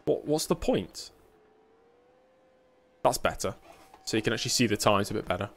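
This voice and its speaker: A man's voice: lowish voice, expressive, moderate pace, gravelly. A man giving casual live commentary while sim racing and chatting with viewers, with dry self-mocking humor.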